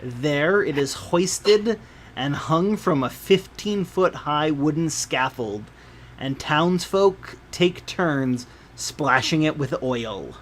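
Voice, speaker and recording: Slow, measured man narrating a game. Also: fairly high pitch, expressive, slight background noise. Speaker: game master.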